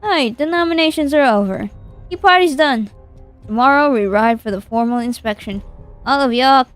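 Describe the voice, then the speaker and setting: A woman's voice: a little high, lively intonation, a little slow, faint music behind. A woman voicing a sinister, mocking female captain of the guards in a game, who barks orders and taunts. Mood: commanding. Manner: taunting, barking orders, drops an attempted accent.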